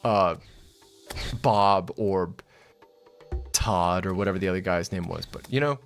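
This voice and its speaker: Low-voiced rambling man with a slight Southern twang. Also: a little slow, pauses often, music in the background. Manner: rambling, laughing, swears freely. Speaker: game streamer. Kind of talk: casual live-stream commentary.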